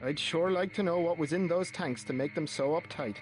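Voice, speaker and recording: A man's voice: a little high, fairly quick, close to an everyday voice, low-quality recording. An actor playing a chatty male office worker who grumbles about deadlines, with a hammy Scottish accent. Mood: grumbling. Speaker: game character. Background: game music.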